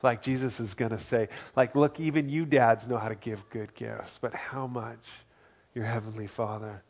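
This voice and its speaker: A man preaching a sermon as pastor, earnest, dropping to a hushed voice for quoted lines. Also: medium pitch, fairly even intonation, moderate pace, gravelly, muffled recording. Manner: earnest, drops to soft quiet tones for quoted words.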